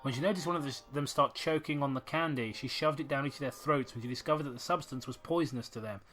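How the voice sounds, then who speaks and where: A man's voice: mid-range voice, fast talker, fairly bright tone. A man reading a story aloud as a podcast host, sarcastic and swearing as he rants about it. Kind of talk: comedic story reading and commentary.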